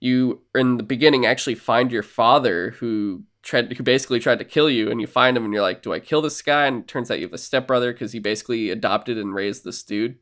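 A man co-hosting a casual podcast, recapping a video game and acting out character lines in quick put-on voices. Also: mid-range voice, steady tone, fairly bright tone. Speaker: podcast co-host. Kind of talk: casual chat.

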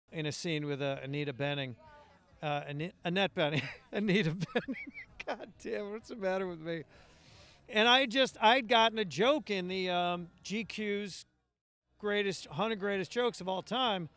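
Brief: man with a high, smooth voice, chatty storyteller on a podcast. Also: fairly bright tone. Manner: storytelling with self-deprecating laughs. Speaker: comedian guest. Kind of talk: casual podcast chat.

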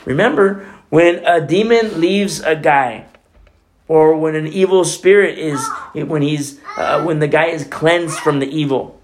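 A man's voice: fairly high pitch, unhurried, slight background noise. Emphatic male preacher asking rhetorical questions. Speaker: pastor. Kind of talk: sermon.

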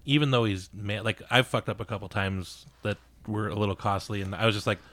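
A man's voice: on the low side, fairly even intonation, fairly quick, a bit bright, no room sound. A man in casual podcast chat, talking in an easygoing, self-deprecating way.

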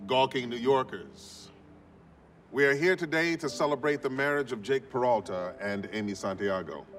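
A stiff, deadpan police captain, played by an actor with a low, measured voice, giving a formal speech in a sitcom scene. The sound is a TV clip heard from a little distance, with soft music underneath. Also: male voice, natural voice. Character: stern stiff police captain officiating wedding.

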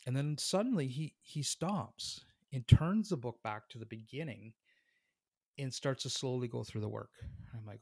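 A man telling a story about his career as a tattoo artist in a relaxed, conversational way. He acts out the other people in the story and laughs often. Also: medium pitch, moderate pace, creaky, no room sound, clean studio sound. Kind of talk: casual storytelling.

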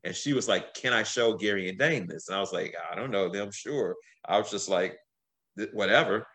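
A middle-aged man with a somewhat low voice tells stories as a podcast guest. He talks casually and with a lot of energy, swearing freely and acting out what other people said. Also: brisk. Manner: animated, swears freely, acts out quotes. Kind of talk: casual storytelling.

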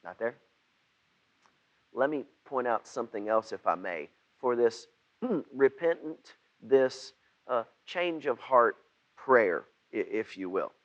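A man preaching a sermon over video, speaking haltingly with frequent restarts and rising to emphatic outbursts. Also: medium pitch, animated, muffled recording. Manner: rises to emphatic outbursts when voicing Jonah. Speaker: pastor.

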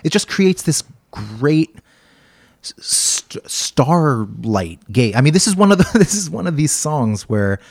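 A man's voice: on the high side, big pitch swings, unhurried, vocal fry, no room sound, clean studio sound. A man co-hosting a casual music podcast, talking with enthusiasm and rambling, sometimes singing bits of lyrics. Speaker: podcast co-host. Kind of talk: casual music review chat.

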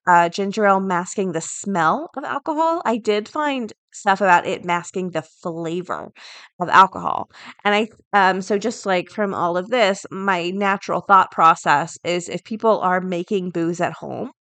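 A woman hosting a daily podcast, chatting casually and reading an article aloud, thinking out loud as she goes. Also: lowish voice, no echo. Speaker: podcast host.

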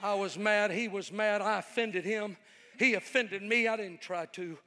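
A male evangelist preaching a sermon with animated, folksy, joking storytelling to a live audience. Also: high-pitched, normal speed, a little hiss or hum. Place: large hall with audience. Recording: reverberant hall.

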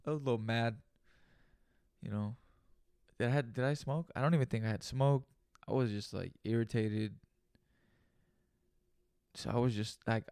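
Young guy, solo podcast host, gravelly rasp, dry close sound, loose profane rambling with jokey asides. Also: mid-range voice, no echo. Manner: profane, rambling and joking, with playful repeated asides. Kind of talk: casual solo podcast monologue.

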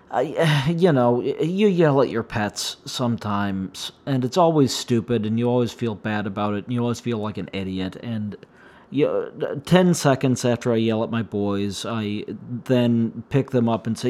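A man hosting a solo podcast, his voice slightly hoarse and shaky, rambling and wryly complaining as he talks. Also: mid-range voice, normal speed, darkish tone. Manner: meandering, self-interrupting, wry complaints. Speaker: podcast host.

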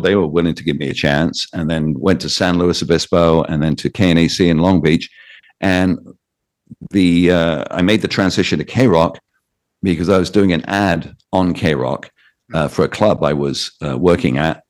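Deep-voiced British man telling radio stories. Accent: British English. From Britain. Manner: animated anecdotes with quoted voices. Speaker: radio DJ and author guest. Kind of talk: storytelling interview.

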